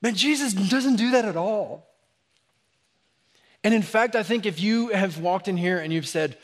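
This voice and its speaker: A man preaching a sermon to a room full of people. His voice sits a little high for a man, and he turns animated, playing out sarcastic asides before dropping low and intense. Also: moderate pace, long pauses, breathy edge. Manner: animated, acts out sarcastic asides then drops to a hushed, intense tone. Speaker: pastor. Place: church sanctuary.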